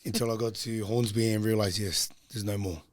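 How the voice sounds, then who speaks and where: A young man, a podcast guest, casually telling a long personal story in a low-key, rambling way with frequent ums. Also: steady tone, brisk.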